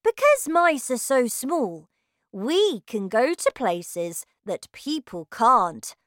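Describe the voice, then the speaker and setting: A woman voicing an excited young boy who has been turned into a mouse, high and eager. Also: slow pace, dry recording, studio quality, full character voice.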